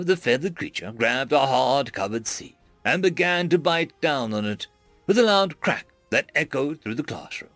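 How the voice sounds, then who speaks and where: Male storyteller, expressive, slightly high voice, lively pitch, dry close sound, faint music. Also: gravelly, dry recording. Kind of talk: scripted story narration.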